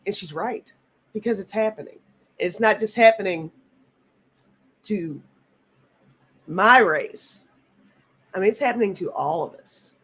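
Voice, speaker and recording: A woman's voice: mid-range voice, lively intonation, a bit bright, husky. Earnest woman reading viewer comments. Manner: earnest, halting, reads viewer comments aloud. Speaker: tarot reader hosting a live stream. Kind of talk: casual live-stream chat.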